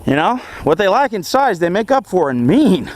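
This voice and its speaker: A young man in a casual self-help vlog monologue, earnest and animated, chuckling often as he talks. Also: sits high, normal speed. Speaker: vlogger.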